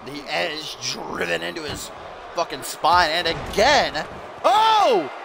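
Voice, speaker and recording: A man's voice: fairly high pitch, unhurried, gravelly, heavy background noise. A man streaming live, doing playful mock-broadcast play-by-play commentary on a wrestling video game, with the odd swear.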